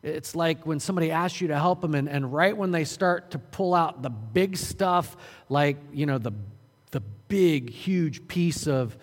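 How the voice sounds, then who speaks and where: A man preaching a sermon, earnest and urgent, swinging from loud emphasis to quiet, low moments. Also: measured pace, big-room sound. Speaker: pastor.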